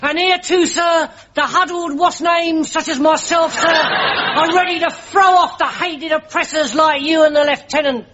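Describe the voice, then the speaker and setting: An actor playing a slow-witted, earnest private soldier in a television sitcom, forever saying sir. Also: male voice, very high voice, fairly even intonation, noisy background. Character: dim, earnest lowly army private. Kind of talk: sitcom acting before a studio audience. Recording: dull TV soundtrack with audience laughter.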